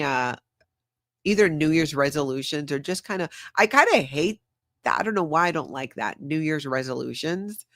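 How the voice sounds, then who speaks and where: A woman's voice: low-pitched, dry recording, studio quality. An older woman chatting casually on a livestream, laughing often and reading viewer comments aloud. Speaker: livestream host.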